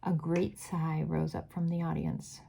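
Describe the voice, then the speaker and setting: Woman reading a kids book out loud, slow and low, goes whispery at the scary bits. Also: flat delivery, creaky. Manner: slow, measured, drops to a whisper at tense moments. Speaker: read-aloud narrator. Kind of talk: reading a children's book aloud.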